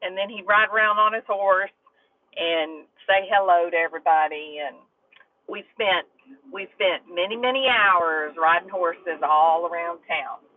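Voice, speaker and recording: A woman's voice: on the low side, unhurried. A woman hosting a joking casual livestream chat from a moving vehicle, playful and giggly. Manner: giggly, playful, repeats her co-host's jokes. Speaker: livestream host. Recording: tinny phone-like audio with faint noise.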